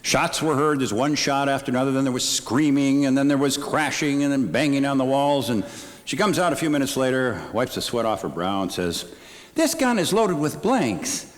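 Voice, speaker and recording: A man's voice: medium pitch, a little fast. A man telling joke stories on a live radio show, acting out the characters as he goes. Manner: storytelling, acts out voices in jokes. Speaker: radio actor. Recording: long theatre reverb.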